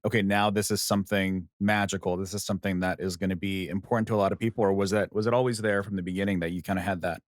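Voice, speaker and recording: A man's voice: low voice, fairly even intonation, quick pace, few pauses, no echo, clean studio sound. A man hosting a podcast, asking questions in a chatty, curious way. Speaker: podcast host. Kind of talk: casual interview questions.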